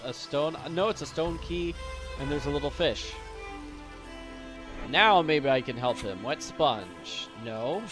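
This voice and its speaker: A man giving live, joking commentary as he plays a puzzle game, thinking aloud and getting excited. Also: fairly high pitch, slow pace. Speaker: gameplay commentator. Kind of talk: live let's-play commentary. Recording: commentary over game music.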